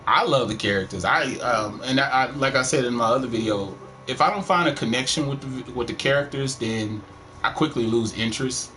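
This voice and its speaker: A middle-aged Texan man with a country twang talks over his gameplay in a loose, rambling way, swearing freely. His voice sits at an ordinary middle pitch. A faint hum of room noise runs underneath. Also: fairly quick, sharp tone. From Texas. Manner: rambling, profane, laid-back. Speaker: gaming streamer. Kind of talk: casual let's-play commentary. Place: home, live stream.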